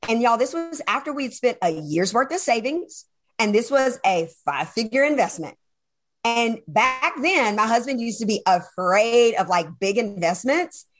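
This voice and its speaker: A woman being interviewed, telling her personal story in an animated, emphatic way, often turning to the listener and acting out what people said. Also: fairly high pitch, moderate pace. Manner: animated and emphatic, acts out quoted dialogue, many fillers and asides to the listener. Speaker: interview guest, speaker and coach. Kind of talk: personal story told in conversation.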